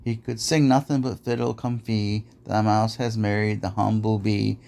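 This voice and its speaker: A man's voice: on the low side, little pitch movement, normal speed, vocal fry, darkish tone. A man reading nursery rhymes aloud in a rhythmic, sing-song way, as host of a podcast.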